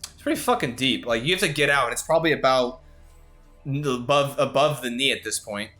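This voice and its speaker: A man's voice: medium pitch, a little fast, bright, forceful tone, soft background music. A young man running a tabletop game as game master, describing scenes casually with many fillers and restarts. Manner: casual, rambling narration full of fillers.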